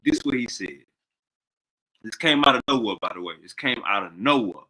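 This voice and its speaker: A man hosting a live stream in casual chat, rambling and losing his train of thought, then getting loud and worked up. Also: medium pitch, expressive, fairly quick, rough recording.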